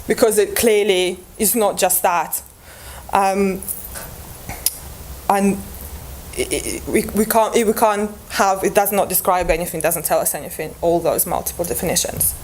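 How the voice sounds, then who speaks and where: A woman's voice: medium pitch, moderate pace, a little mellow, a little hiss or hum. A woman presenting linguistics research at an academic conference, explaining step by step with frequent restarts and fillers.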